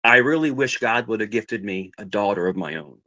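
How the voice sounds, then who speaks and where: A middle-aged man with a lowish voice speaks briskly, with lively intonation and a pushed, bright tone. He's a podcast guest sharing family stories in casual chat, rambling, repeating himself, and acting out quoted voices.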